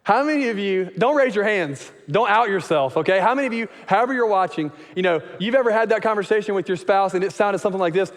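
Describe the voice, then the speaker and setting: Male pastor, high voice, animated sermon with acted-out quotes, long hall reverb. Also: fast talker, hardly any pauses.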